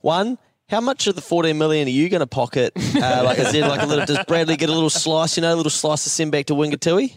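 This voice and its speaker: A man's voice: fairly high pitch, fast talker, hardly any pauses, no echo, clean studio sound. A man with a New Zealand accent co-hosting a podcast, joking and blunt. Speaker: podcast co-host. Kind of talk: casual chat.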